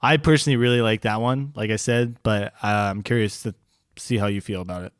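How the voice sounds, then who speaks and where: A podcast co-host chats casually, laid-back and swearing in passing. His lowish voice is clear and resonant, with fairly even intonation and a quick pace. The studio sound is clean, with no echo.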